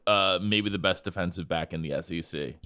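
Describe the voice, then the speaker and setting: A man hosting a sports podcast in a relaxed, joking manner. His voice sits a little low. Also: fairly quick, clear, resonant tone, no echo, studio quality. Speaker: podcast host. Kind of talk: casual sports podcast chat.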